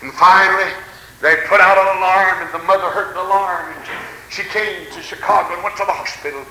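A middle-aged man, preaching a fervent sermon, telling stories with stammering restarts and breaking into shouts of praise. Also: high-pitched, fairly even intonation, fairly quick, echoey room, low-quality recording. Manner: stammering restarts, folksy storytelling.

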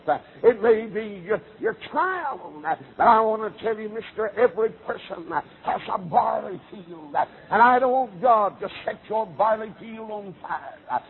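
A male preacher delivering a revival sermon in a chanting cadence, starting nearly every phrase with "uh". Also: high-pitched. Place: auditorium, televised service. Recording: tinny, phone-like broadcast audio.

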